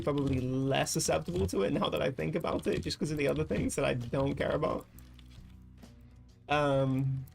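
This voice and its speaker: A man chats casually on a livestream, thinking aloud and swearing often as his thoughts wander. His voice sits fairly high for a man and has a gravelly fry, with faint music playing behind him. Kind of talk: casual livestream chat while gaming.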